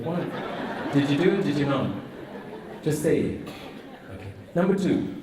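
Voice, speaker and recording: A priest giving a humorous sermon, teasing with rhetorical questions. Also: male voice, fairly high pitch, moderate pace, dark tone, recorded from a distance. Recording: roomy echo, voice from afar.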